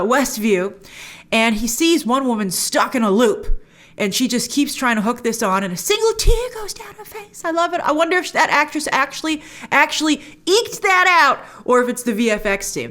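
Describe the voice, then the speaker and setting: A woman hosting a show, recapping and reacting to a TV episode in casual chat, animated, slipping into quoted character voices. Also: high-pitched. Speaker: host reviewing a TV episode.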